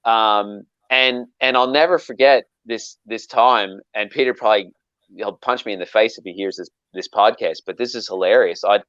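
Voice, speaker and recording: A man's voice: on the low side, moderate pace, dry recording, lo-fi sound. A man telling a long story in casual chat, rambling with frequent restarts and acting out quoted lines. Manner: rambling with many restarts, animated quoting. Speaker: knifemaker guest.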